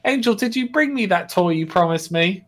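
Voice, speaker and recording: A man's voice: high voice, lively intonation, a little fast, fairly bright tone, voice pushed up. Man doing a whiny little orc boy. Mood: pleading. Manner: whiny pleading.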